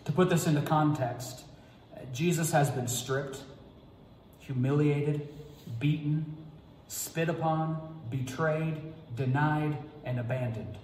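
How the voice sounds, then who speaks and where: A pastor, a man, delivers a Good Friday sermon with slow, measured, solemn phrasing. His voice is soft-toned and slightly high. The sound carries a long church-hall reverb. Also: a little hiss or hum.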